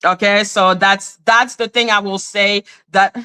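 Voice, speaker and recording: Canadian woman venting on a livestream, bright edgy voice, swears a lot, jumps up high when she mimics people. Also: fairly even intonation, unhurried, clear, resonant tone. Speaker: live stream host. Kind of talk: heated casual rant.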